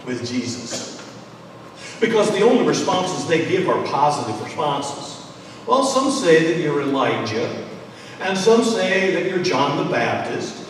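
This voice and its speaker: Guy giving a chatty sermon, kinda high voice, big echoey church from far off. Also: slight background noise. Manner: conversational, with fillers and repeated words. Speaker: pastor. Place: church sanctuary.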